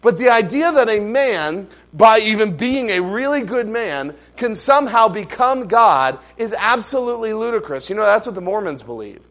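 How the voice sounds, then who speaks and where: High-voiced man preaching. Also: animated, normal speed, few pauses, a bit bright. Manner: conversational preaching with rhetorical questions and asides. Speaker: pastor. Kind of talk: sermon.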